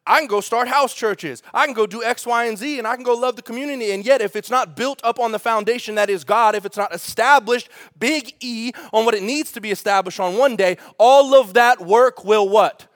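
A man preaching a sermon as pastor, in an animated, conversational way, asking the congregation rhetorical questions. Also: very high-pitched, a little fast, hardly any pauses, no room sound, clean studio sound.

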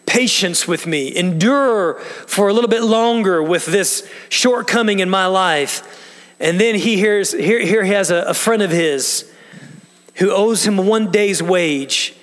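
With a high-pitched, fairly bright voice, a man preaches as pastor, explaining a passage earnestly and emphatically while putting questions to the congregation. A large hall's long reverb fills the recording.

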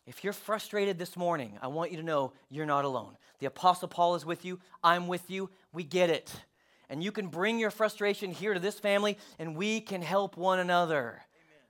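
A man preaching a sermon, animated, acting out voices as he reads a children's story to his congregation. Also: high voice, moderate pace. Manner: animated, acts out story voices, swings loud to hushed. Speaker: pastor.

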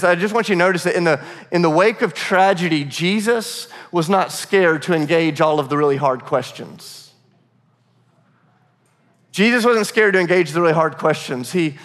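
High-voiced earnest male pastor. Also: fairly bright tone, in a large hall. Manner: conversational, earnest, repeats and restarts phrases. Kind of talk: sermon.

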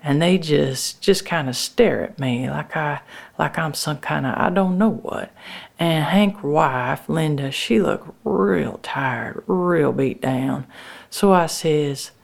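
A woman telling a first-person story in folksy rural dialect, with halting restarts. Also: sits low, vocal fry.

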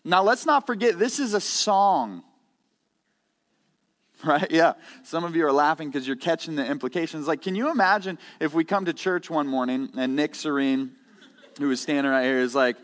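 A man's voice: on the high side, normal speed, fairly bright tone, long reverb tail. A man preaching a conversational sermon in a church, earnest and candid, often repeating words as he goes. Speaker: pastor. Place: church sanctuary.

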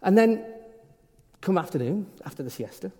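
Stammering priest in a reverberant hall. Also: male voice, sits high, sing-song, normal speed, warm tone. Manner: conversational, frequent stammered restarts. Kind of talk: informal sermon.

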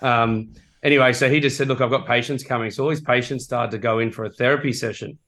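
A man's voice: medium pitch, steady tone, quick pace, fairly bright tone. A man and former rugby player, telling a story in casual podcast chat, rambling and self-mocking with easy laughs, over a remote call.

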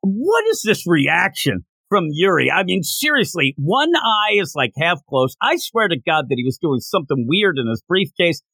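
Animated man recapping a manga. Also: sits high, moderate pace, gravelly, few pauses, dry recording. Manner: animated, acts out characters' lines mid-story. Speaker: podcast co-host. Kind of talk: casual chat recapping a manga chapter.

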